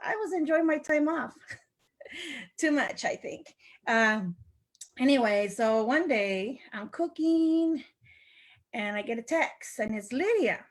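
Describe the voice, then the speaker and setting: An older woman talks to her viewers in a loose, chatty way, laughing often as she tells how things got started. Her voice sits a little high, and she slips into other people's voices when she quotes them. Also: animated, slow pace, pauses often. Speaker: sales representative hosting a live video. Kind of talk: casual storytelling to viewers.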